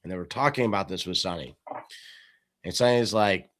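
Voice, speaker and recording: A man's voice: low voice, a little fast, pauses often. A man hosting a casual podcast discussion, telling stories animatedly and acting out quoted lines. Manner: animated storytelling, acts out quotes. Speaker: podcast host.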